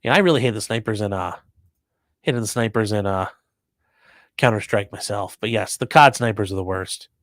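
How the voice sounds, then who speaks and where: A man's voice: fairly low pitch, moderate pace, long pauses, dry recording. Casual crude-joking male streamer. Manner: offhand, crude jokey asides. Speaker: livestream host reading chat. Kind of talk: casual livestream commentary.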